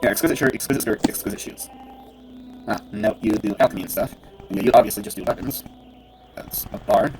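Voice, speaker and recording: A man with a lowish, slightly mellow voice casually comments on a role-playing game he's playing, muttering to himself and erupting into cursing rants.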